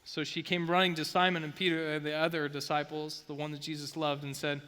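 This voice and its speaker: A man's voice: a little high, fairly quick, few pauses, pushed and bright, long reverb tail. A man preaching a casual, slangy sermon, reading scripture aloud and talking it through. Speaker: youth pastor.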